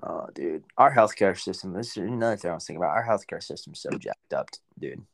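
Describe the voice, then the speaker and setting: A man's voice: sits low, fast talker, gravelly, no room sound. A young man co-hosting a podcast, joking and chatting casually, often saying dude. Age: young adult. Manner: animated, joking, says dude a lot. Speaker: podcast co-host. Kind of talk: casual chat.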